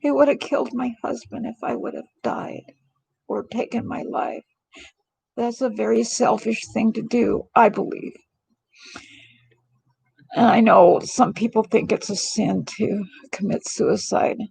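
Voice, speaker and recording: A woman's voice: a little high, flat delivery, unhurried, creaky, a little mellow, husky, dry recording, rough recording. A middle-aged woman hosting a live stream vlog, talking in a rambling, earnest and heartfelt way. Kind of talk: casual confiding monologue.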